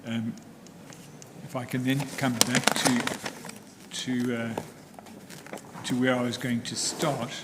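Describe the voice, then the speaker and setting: A man arguing a case in court, formal and measured, with some restarts. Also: medium pitch, little pitch movement, noisy background. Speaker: advocate in court. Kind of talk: legal argument in court. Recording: long reverb of a hall, faint ambience.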